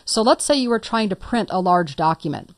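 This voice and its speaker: A woman talks through a computer lesson in a relaxed, chatty way, using a homely story to make her point. Her voice sits at an ordinary middle pitch, and the recording is dry and close with no room sound. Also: a little fast, no echo. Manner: conversational, playful teaching with story examples. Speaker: computer instructor. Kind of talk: recorded lecture.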